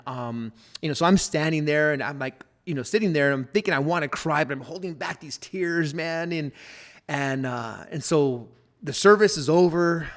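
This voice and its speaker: Earnest man telling his testimony. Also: a little high. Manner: earnest storytelling with many fillers. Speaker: pastor and podcast guest. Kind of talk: personal testimony in a podcast interview.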